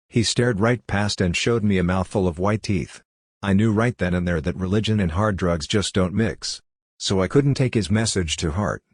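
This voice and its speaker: A man's voice: deep voice, dry recording. A man giving a wry, matter-of-fact first-person audiobook narration into a close mic.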